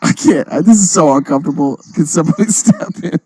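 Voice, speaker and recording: A man's voice: a little high, expressive, fast talker, warm tone, husky, no echo. A man hosting a casual livestream group chat, teasing his guests and laughing often. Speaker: livestream host.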